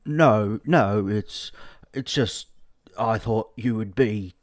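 An anxious, stammering male mayor , as a woman reads him out. His voice is pushed very low and drawn out slowly, each phrase halting. The sound is close and dry. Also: dry recording. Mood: nervous. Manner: nervous, stuttering, hesitant.

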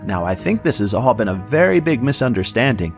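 A man putting on a high, flamboyant, breezy friend. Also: sing-song, a little fast, soft background music. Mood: placating. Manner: sing-song, airy.

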